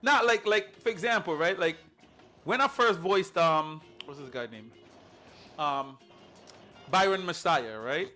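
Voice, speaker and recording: A man co-hosting a casual talk show, opinionated and animated, often beatboxing rhythms to make his point. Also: fairly high pitch, unhurried, pauses often, soft background music. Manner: animated, mimics rhythms with beatbox sounds, swears. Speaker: podcast co-host. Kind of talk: casual chat about sound clashes.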